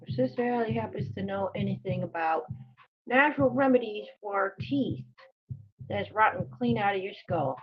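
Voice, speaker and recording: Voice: medium pitch, moderate pace, slightly rough. A livestream guest chatting casually, blunt and swearing freely. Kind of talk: casual chat. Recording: dull lo-fi stream audio.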